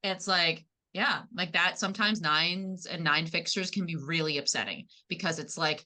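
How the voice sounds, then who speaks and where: Bright-voiced, chatty woman. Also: on the low side, moderate pace, hardly any pauses. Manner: animated, chatty, filler-heavy. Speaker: panel guest. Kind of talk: casual group chat.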